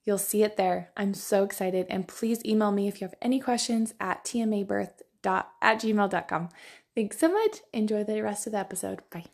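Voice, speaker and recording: An enthusiastic woman hosts a casual podcast chat. Her delivery is upbeat and friendly, with a plain, even voice. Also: mid-range voice, normal speed, vocal fry. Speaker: podcast host.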